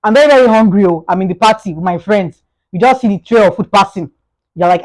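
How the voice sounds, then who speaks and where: A Nigerian woman with a Nigerian accent giving a casual motivational monologue on her vlog, repeating herself and acting out little scenes. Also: medium pitch. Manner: repetitive, fast, grows animated with acted-out anecdotes. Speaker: vlogger.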